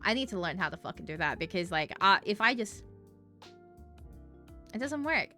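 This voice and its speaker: A woman's voice: medium pitch, moderate pace, soft background music. Giggly, swearing woman streamer. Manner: giggly, swears freely, animated. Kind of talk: casual stream chat.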